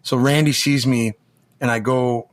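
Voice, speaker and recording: A man's voice: mid-range voice, fairly even intonation, measured pace. An American man, a former hockey player, telling long stories in a rambling way, with many restarts and acted-out quotes. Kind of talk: casual storytelling.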